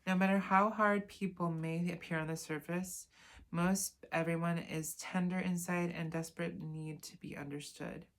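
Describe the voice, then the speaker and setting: This is a casual lesson in which a woman reads passages from a self-help book, then adds conversational asides and fixes her own slips. She has a fairly low voice, a steady tone, and a moderate pace.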